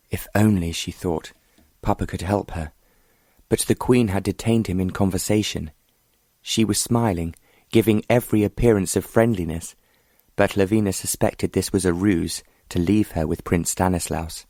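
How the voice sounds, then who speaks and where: A man reads an audiobook in steady, scripted narration. His voice sits very low, and the recording is dry and close. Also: normal speed, dry recording.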